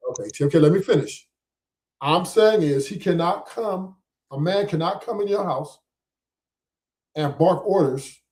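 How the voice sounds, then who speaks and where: A man's voice: high-pitched, a little slow, pauses often, a little mellow, reverberant. A man hosting a live talk stream, insistently breaking down a caller's argument point by point. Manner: insistent, keeps cutting in to walk points through. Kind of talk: casual debate talk show.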